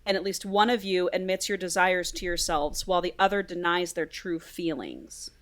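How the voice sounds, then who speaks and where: A woman voicing a cryptic female forest witch in a soft, quieter reading voice. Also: on the low side, animated, moderate pace, close to an everyday voice.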